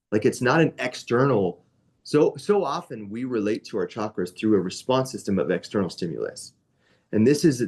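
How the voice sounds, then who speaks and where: Young man, yoga teacher, low-pitched voice, casual chatty teaching, frequent asides. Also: a little mellow. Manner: casual, conversational, with many asides and "right?". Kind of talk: teaching a yoga training class.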